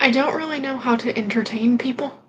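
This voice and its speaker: A woman's voice: fairly high pitch, a little fast, highs cut off, slight background noise. A woman chatting hesitantly on a livestream, full of fillers and restarts. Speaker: guest filling in on a livestream. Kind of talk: hesitant casual chat.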